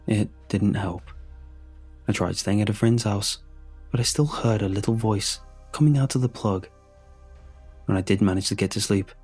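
A man narrating a first-person horror story in a hushed, measured, shaken way. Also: on the low side, slightly rough.

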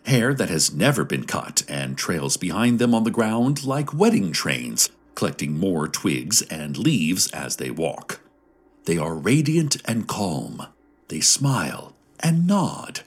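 A man narrates a fictional radio broadcast in a slow, deadpan announcer style. His low voice is husky, and his pitch rises and falls dramatically. Faint music plays behind him.

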